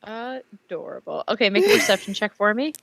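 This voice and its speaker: Give me a bright-voiced woman game master. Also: medium pitch, unhurried, no echo. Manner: loose, filler-heavy narration with lots of "like" and "um". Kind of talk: narrating a tabletop game.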